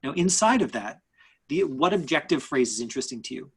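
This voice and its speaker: Husky-voiced male acting coach, halting. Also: medium pitch, very animated, low-quality recording. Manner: halting, many fillers and restarts. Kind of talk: live online acting class.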